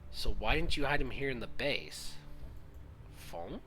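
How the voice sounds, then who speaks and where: A man streaming a story game live, reacting loudly and incredulously, swearing and laughing between lines. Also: mid-range voice, lively intonation, a little slow, soft background music.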